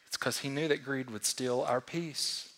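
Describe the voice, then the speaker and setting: A man preaching a sermon to a congregation, swinging between loud emphatic lines and hushed ones and asking the room questions. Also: medium pitch, fairly even intonation, measured pace. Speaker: pastor. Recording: long hall reverb.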